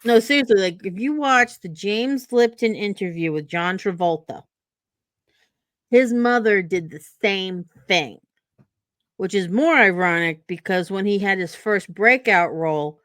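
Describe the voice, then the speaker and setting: A woman's voice: mid-range voice, animated, unhurried, a bit bright, no echo. A woman from New Jersey hosting a podcast, chatting casually with dry sarcasm and lots of fillers. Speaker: podcast host. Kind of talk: casual chat.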